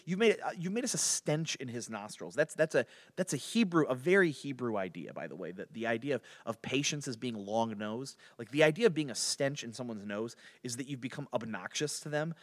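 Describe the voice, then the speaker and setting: A man's voice: mid-range voice, lively intonation, brisk. A man teaching an informal Bible study with frequent restarts and chuckles between points. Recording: long hall reverb.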